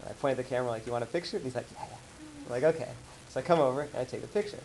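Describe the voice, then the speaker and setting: A man giving a casual slideshow talk to colleagues, rambling and animated as he tells stories. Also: mid-range voice, very fast, a little hiss or hum, rough recording. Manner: rambling, animated storytelling with acted-out quotes. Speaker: presenter. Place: office meeting room.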